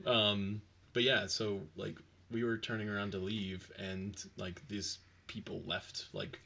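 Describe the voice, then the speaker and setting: A man with a low, gravelly voice that still sounds bright chats casually. He hesitates and fills gaps with "like" and "um," over faint room noise. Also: measured pace. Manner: relaxed, hesitant, many fillers. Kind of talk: casual chat.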